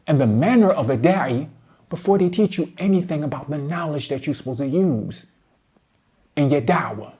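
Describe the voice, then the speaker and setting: Brief: man with a higher voice, indignant commentator, lectures bluntly, swings from low muttering to loud outbursts. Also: husky. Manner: addresses his target directly, slangy and blunt. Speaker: commentator responding to a debate. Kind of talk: heated reaction commentary.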